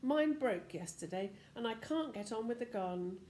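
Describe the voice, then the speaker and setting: A woman's voice: a little high, lively intonation, normal speed, a little mellow, echoey room, a little hiss or hum, lightly acted. An older woman reading the part of a stern, worried father in a storybook.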